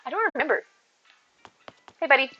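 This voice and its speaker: A woman's voice: sits high, lively intonation, fairly quick. A woman live streamer chatting casually and rambling as she answers her chat, with faint music behind her. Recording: slightly dull stream audio with faint music.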